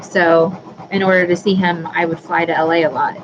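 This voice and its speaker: A woman's voice: on the low side, fairly even intonation, a little fast, highs cut off, noisy background. A woman in her thirties hosting a casual live stream, chatting with viewers by name and apologizing easily. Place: home workroom with a sewing machine running.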